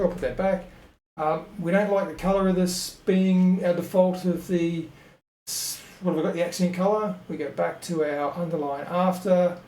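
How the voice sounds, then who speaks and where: A man with a slightly high voice walks through a web design tutorial, muttering and correcting himself as he clicks along. The room is echoey, with a faint hum of ambience behind him. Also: a little mellow. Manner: thinking aloud with many ums and self-corrections. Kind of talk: casual screen-recorded tutorial.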